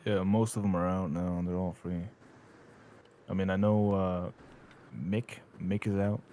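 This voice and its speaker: Low, mellow man swearing casually. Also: little pitch movement, slight background noise. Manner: casual, swears often, halting restarts. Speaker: role-play character reminiscing. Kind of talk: in-character role-play chat.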